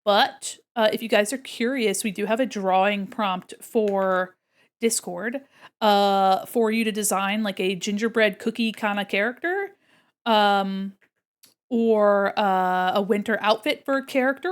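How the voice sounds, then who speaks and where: A woman art streamer with a medium-pitched voice chats with her viewers at a measured pace as she draws. Her manner is casual and playful, talking to chat while she works.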